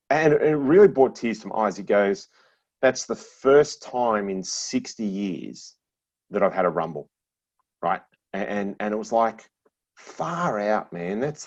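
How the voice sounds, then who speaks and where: A middle-aged man, a podcast guest, chatting casually and telling animated stories, laughing often and restarting his phrases. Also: medium pitch. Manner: animated storyteller with frequent laughs and repeated restarts. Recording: dull lo-fi sound.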